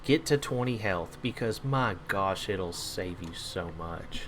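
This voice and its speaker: A man's voice: low-pitched, lively intonation, slow, a bit bright, slight background noise. A man giving rambling, casual gameplay commentary, swearing freely as he plays. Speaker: gamer.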